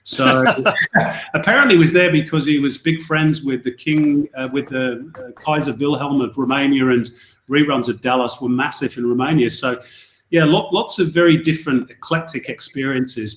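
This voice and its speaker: Middle-aged English commentator, echoey room. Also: male voice, mid-range voice, moderate pace, fairly bright tone. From Northwest England. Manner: chatty, anecdotal, with many restarts. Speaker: football commentator. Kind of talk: podcast interview, storytelling.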